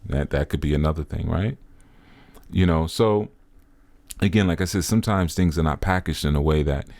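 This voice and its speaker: A man with a very low, deep voice gives an earnest commentary in the manner of a preacher, driving his points home by saying them again. He sounds close and dry, with no room around him. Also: normal speed, a little mellow, no echo. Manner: earnest, preacher-like, repeats phrases for emphasis. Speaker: spiritual teacher commenting on a video. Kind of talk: reflective commentary monologue.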